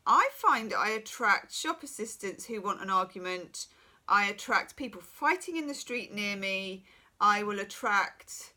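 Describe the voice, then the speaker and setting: A woman's voice: medium pitch, pushed and bright. A middle-aged woman who is losing her voice, giving a frank, chatty private tarot reading full of reassuring asides. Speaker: tarot reader.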